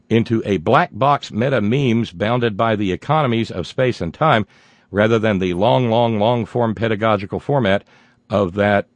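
Sardonic and folksy, this male political talk radio host works through listener messages, punctuating them with loud outbursts. His voice runs on the low side, and there's no echo.

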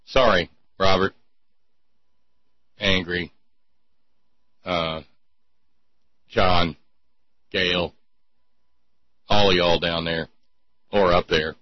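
A man's voice: sits low, steady tone, extremely slow, pauses often, dry recording, highs cut off. A man hosting a talk show, chatting in a rambling, sardonic way with many restarts. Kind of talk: casual call-in show banter.

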